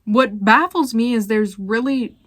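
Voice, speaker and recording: A woman's voice: fairly high pitch, measured pace, dry recording. Blunt young woman, dry close voice-over. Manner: blunt and opinionated, swears freely. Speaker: YouTuber ranking reality show cast. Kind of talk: casual commentary voice-over.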